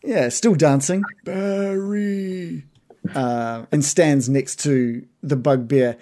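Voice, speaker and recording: A man narrating as game master, relaxed with chuckles and fillers. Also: mid-range voice, slow, noisy background.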